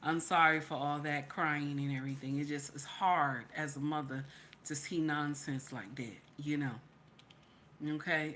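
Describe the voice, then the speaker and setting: Emphatic woman host with bright tone. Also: sits low, slight background noise. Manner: emphatic, repeats herself, preachy. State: tearful after crying. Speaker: channel host. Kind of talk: live-stream reaction vlog.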